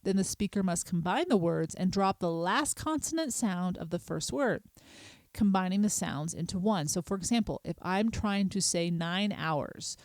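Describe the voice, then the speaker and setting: A middle-aged woman, hosting a podcast and patiently explaining a small language lesson, spelling words out slowly. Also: lowish voice, darkish tone, dry recording. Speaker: podcast host.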